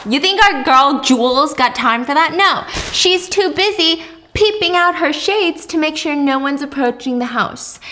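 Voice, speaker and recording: Bubbly woman retelling a drama. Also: high voice. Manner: animated, playful storytelling. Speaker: host. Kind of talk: casual drama recap chat.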